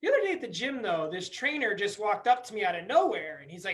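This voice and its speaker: A man's voice: high voice, sing-song, fast, few pauses, low-quality recording. A young man doing a stand-up comedy set, talking casually and acting out characters with a tough-guy swagger. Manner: conversational, acts out voices with a tough-guy swagger. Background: audience laughter.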